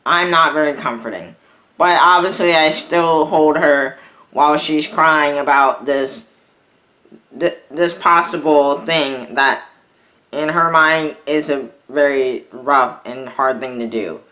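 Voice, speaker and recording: A young man telling a personal story in a vlog, halting and rambling, often restarting his sentences. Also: a little high, steady tone, sharp tone. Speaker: vlogger.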